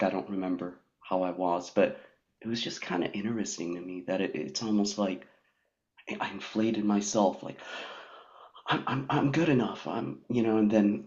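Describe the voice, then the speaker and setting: A man sharing personal experiences candidly, halting with many restarts and fillers. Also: deep voice, darkish tone. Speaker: participant. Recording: dull lo-fi audio.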